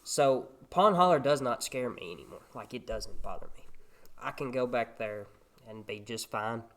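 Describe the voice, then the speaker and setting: A young man talks in an easygoing, matter-of-fact way. His voice sits in a middle pitch, and the chat is loose and casual. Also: expressive, normal speed, a bit bright.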